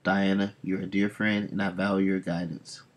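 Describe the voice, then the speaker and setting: A man reading a comic aloud, voicing a brooding male sea king in a slow, solemn way. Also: deep voice, flat delivery, close to an everyday voice.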